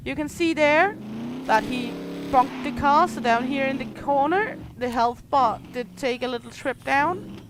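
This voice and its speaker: A woman's voice: sits high, measured pace. A young adult woman whose first language is Danish, explaining game features and listing items on a gameplay livestream. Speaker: streamer. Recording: noisy game audio behind.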